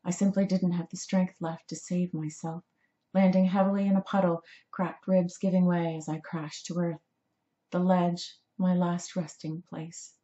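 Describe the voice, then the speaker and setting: Low-voiced woman reading a story aloud. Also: little pitch movement, dark tone, echoey room, lo-fi sound. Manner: measured, dramatic storytelling. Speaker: author reading her book. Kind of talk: audiobook narration.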